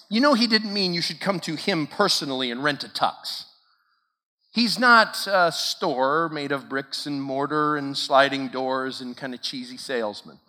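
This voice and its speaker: A man's voice: on the high side, pushed and bright. A man preaching a sermon at a camp, telling a story and building to emphatic declarations. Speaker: camp speaker. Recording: long hall reverb.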